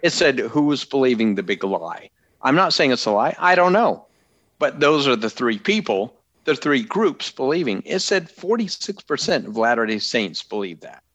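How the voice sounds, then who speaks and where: A man co-hosting a casual podcast, with a voice of ordinary middle pitch. He reads news items haltingly, restarting words and apologizing when he loses his place. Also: big pitch swings, a bit bright. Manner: hesitant, stumbles and apologizes while reading news items. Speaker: podcast co-host.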